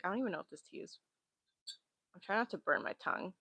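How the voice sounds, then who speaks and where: Young woman, twenties, casual streamer; yappy and giggly, bright tone, close and dry. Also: medium pitch, lively intonation, fast, slightly rough, dry recording. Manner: rambling, chatty, giggly. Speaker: livestream host. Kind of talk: casual livestream chat. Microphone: laptop mic.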